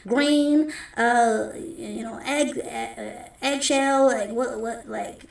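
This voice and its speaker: A teasing tentacled alien who runs a fry diner, voiced by a woman. She chatters sassily, and her voice is slightly gravelly. The sound is roomy and distant. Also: fairly high pitch, fairly even intonation, very slow, full character voice. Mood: chatty. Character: tentacled female diner cook, sassy. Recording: roomy echo, distant mic.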